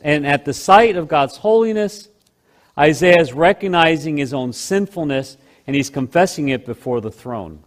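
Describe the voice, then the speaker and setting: With a slightly high, expressive voice, a man preaches, dragging out important phrases for emphasis. He shifts from loud passages to hushed ones and back.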